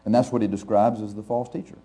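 A man's voice: fairly low pitch, level tone, quick pace, dark tone. A male pastor preaching to a live congregation in a conversational, anecdotal way, chuckling often and asking the audience questions. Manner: speaks straight to the audience, asks questions.

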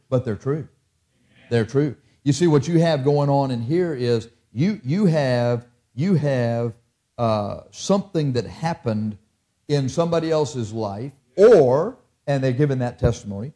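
A man's voice: fairly high pitch, warm tone. A man preaching a folksy, conversational sermon as a pastor, quoting hymn lyrics as he goes.

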